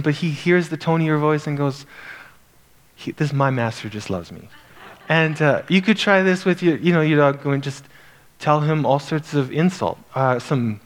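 Halting, conversational male Bible teacher. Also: mid-range voice. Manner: conversational and halting, with frequent restarts.

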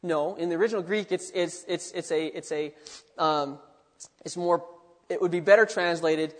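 A man preaching a sermon with a fairly high voice. He is animated and breaks into excited bursts when he acts out the quotes. The sound carries the long reverb of a large hall. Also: normal speed.

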